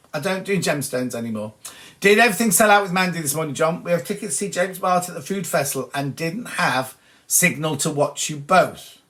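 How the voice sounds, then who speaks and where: A man's voice: on the high side, a bit bright. A British man hosting a sewing livestream, reading viewers' comments aloud with cheeky, chatty asides. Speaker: host of a sewing show.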